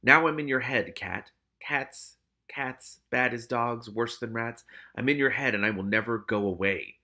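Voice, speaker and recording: A man's voice: mid-range voice, unhurried, bright, forceful tone, heavily acted. A man voicing Spider, a sinister male rat spirit who speaks inside a cat's head in a hissing, eerie, menacing way.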